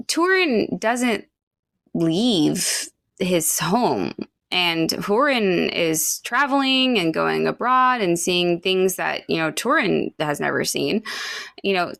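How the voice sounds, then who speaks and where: Slow, gravelly-voiced woman podcaster. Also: on the low side, big pitch swings, fairly bright tone, no echo, clean studio sound. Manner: chatty, many fillers, laughs often. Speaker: podcast co-host. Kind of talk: casual book discussion, reading quotes aloud.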